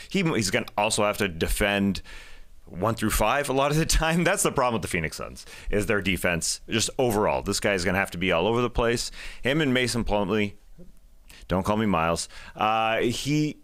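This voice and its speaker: A man's voice: fairly low pitch, a bit bright. A man co-hosting a sports podcast, breaking down the game in a casual, analytical way. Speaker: podcast co-host.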